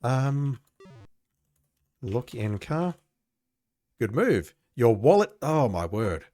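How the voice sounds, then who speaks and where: Male let's-play host, sarcastic and exasperated, very animated, close dry sound. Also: mid-range voice, drawn-out words, dry recording, faint music behind. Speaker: gamer playing a retro game.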